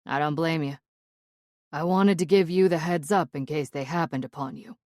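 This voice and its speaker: A guarded middle-aged man on a survivors' radio, friendly on the surface but careful with each word, as a woman narrator reads him. His voice sits low for her, in a dry, close recording. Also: moderate pace, darkish tone, no echo, lightly acted. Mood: cautious. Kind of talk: audiobook character voice.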